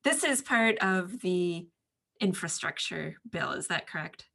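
A woman's voice: lowish voice, expressive, a little slow, gravelly, bright, forceful tone. A woman co-hosting a podcast, asking plain, basic questions in a casual way. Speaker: podcast co-host. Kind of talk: casual conversational interview.

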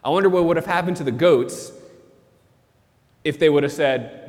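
A male priest with a fairly high voice gives an earnest sermon and repeats his key lines for weight. The sound carries a long, hanging reverb, like a big church. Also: moderate pace, a little mellow.

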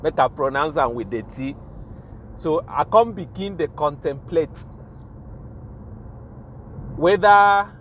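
A young Nigerian man with a Pidgin accent, telling a story casually with laughs, recorded outdoors near traffic. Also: fairly high pitch. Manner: animated, laughing, slow drawn-out telling.

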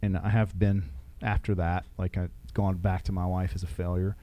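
A man, a military veteran, telling stories in a casual interview, with halting restarts. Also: low-pitched, level tone, mellow.

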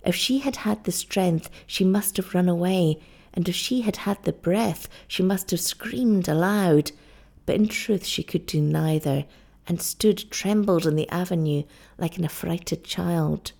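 A woman narrating an audiobook in a dramatic, expressive storytelling manner. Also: lowish voice, measured pace, gravelly.

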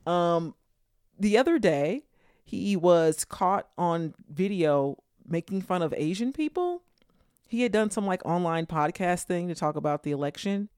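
A lively podcast co-host in casual political chat, joking around and breaking into laughter often. The voice sits at a middling pitch and sounds close and dry, with no room echo. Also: measured pace, clear, resonant tone. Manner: jokey and animated, laughs often.

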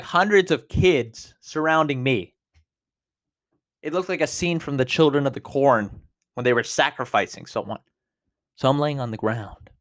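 Animated young man telling a story. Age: 20s. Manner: animated, exaggerated storytelling with big swings in pitch and loudness. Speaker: podcast host. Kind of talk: casual storytelling monologue.

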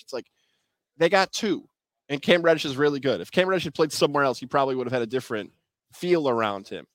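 A man's voice: medium pitch, expressive, quick pace, no room sound. A man hosting a casual sports chat, giving blunt, opinionated takes. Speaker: podcast host.

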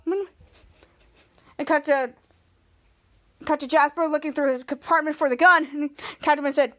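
A woman's voice: high voice, fairly even intonation, a bit bright. A woman hosting a podcast, recapping a TV episode scene by scene in a rambling, casual way and popping into the characters' lines. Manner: retells scenes with quick quoted voices, rambling restarts. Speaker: podcast host.

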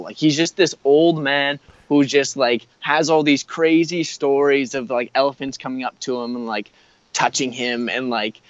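A young man in casual chat, telling a wild travel story in an animated way, full of "like" and laughing mid-sentence. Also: on the high side, no echo, highs cut off.

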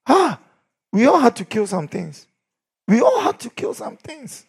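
A middle-aged man preaching a sermon, swinging from shouts down to near whispers. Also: extremely high pitch, huge pitch swings, unhurried, gravelly, breathy edge. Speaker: pastor.

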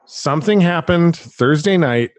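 A man hosting a casual podcast conversation, chatty and animated, laughing often as he relays news. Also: on the high side, unhurried, dry recording. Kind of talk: casual chat.

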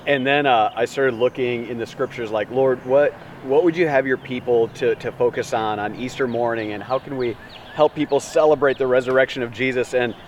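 A man preaching an Easter sermon as pastor, telling the story in an animated, dramatic way with big swings in pitch. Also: brisk, distant mic, slight background noise.

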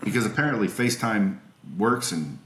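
An emphatic man in his forties tells a story as a podcast guest, joining by remote call from his home. His voice sits low and has a roomy echo around it. He swears freely and keeps restarting his sentences. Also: lively intonation, a little fast, a bit bright. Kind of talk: casual storytelling. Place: at home with children nearby.

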